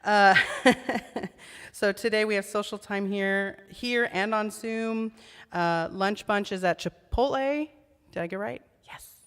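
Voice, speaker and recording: A woman leading a church service who reads the announcements, friendly and unhurried, with fillers. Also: mid-range voice, clean tone. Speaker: service leader. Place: church sanctuary. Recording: long reverb in a church sanctuary.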